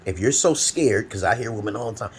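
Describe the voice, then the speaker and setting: A man's voice: on the low side, expressive, quick pace, slightly rough. Blunt, preachy man in his forties. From Brooklyn, New York, USA. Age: 40s. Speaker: advice vlogger. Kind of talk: rambling advice monologue. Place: home room. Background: fan running.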